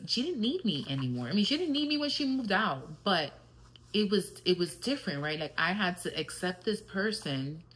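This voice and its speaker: A woman's voice: lowish voice, a bit bright, low-quality recording. A middle-aged woman hosting a podcast, candidly and reflectively telling personal stories in a casual, filler-filled monologue. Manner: switches briefly into Spanish. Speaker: podcast host.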